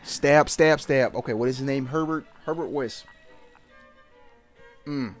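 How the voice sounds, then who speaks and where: A man giving excited, trash-talking commentary while playing a fighting game, yelping and laughing often. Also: medium pitch, unhurried, faint music behind. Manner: animated, yelps and laughs, trash-talks the opponent. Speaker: gaming channel host.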